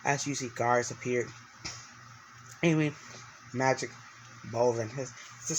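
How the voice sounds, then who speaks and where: A man's voice: mid-range voice, steady tone, a little slow, slight background noise, poor audio. Rambling man telling an improvised story. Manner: rambling, full of restarts and fillers.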